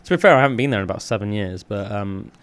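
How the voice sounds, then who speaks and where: A man's voice: lowish voice, racing, dry recording. A man from the South West of England, co-hosting a podcast in casual, rambling, enthusiastic chat full of fillers. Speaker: podcast co-host.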